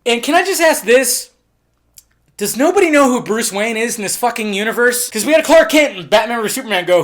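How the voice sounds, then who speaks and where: A man with a fairly high voice talks through a film trailer in a casual review monologue. He is excitable, curses freely and keeps breaking off into lively asides. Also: quick pace.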